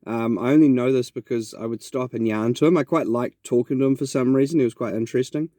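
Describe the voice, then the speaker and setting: A fast-talking New Zealand man with a dark, mid-range voice hosts a podcast, looping through a reflective, rambling story and restarting a lot. The recording is dry.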